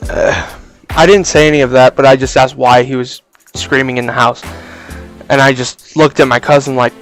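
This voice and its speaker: A young man casually telling a story for a vlog, animated and swearing freely, on a cheap mic. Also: mid-range voice, a little fast, soft background music. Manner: animated, profane, acts out voices. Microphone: cheap low-quality mic.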